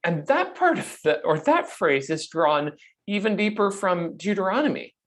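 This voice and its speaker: A man delivering an expository sermon with a lively, swinging pitch. He drives his points home by repeating key phrases. When he quotes scripture, he slows down and gives the lines deliberate inflection. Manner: emphatic, repeats key phrases with rising stress; reads scripture quotes slowly with added inflection. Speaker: preacher.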